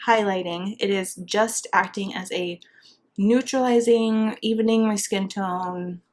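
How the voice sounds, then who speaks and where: A woman's voice: mid-range voice, unhurried, darkish tone. A young woman chatting casually through a makeup tutorial, bubbly and full of fillers, a little out of breath as she talks. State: pregnant and out of breath. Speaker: beauty vlogger.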